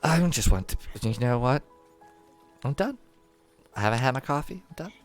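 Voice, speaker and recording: Guy doing a tired fed-up young woman, higher voice, deadpan and done with everyone. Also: moderate pace, soft background music, natural voice. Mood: exasperated. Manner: exasperated, deadpan.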